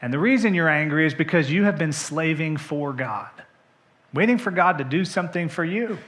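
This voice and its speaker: High, bright-voiced male pastor preaching. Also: normal speed. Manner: animated storytelling, acting out the characters' quoted lines; asks the congregation questions directly. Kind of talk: sermon.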